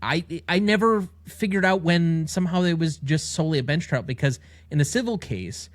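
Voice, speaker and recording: A man's voice: fairly high pitch, animated, no room sound. Analytical man on a dry mic. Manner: measured, analytical, critiquing legal details. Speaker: podcast co-host. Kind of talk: casual TV recap chat.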